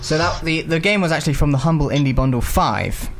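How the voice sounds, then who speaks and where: A man's voice: a little high, lively intonation, quick pace, a little hiss or hum. Hesitant man, lots of fillers. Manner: hesitant, lots of ums and uhs, playful. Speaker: co-host. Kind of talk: casual radio chat.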